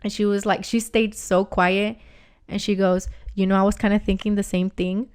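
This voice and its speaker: Woman, casual storytelling, smooth clear voice, animated, lots of swearing. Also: mid-range voice, normal speed. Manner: animated, swearing, heavy use of "like". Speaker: podcast co-host.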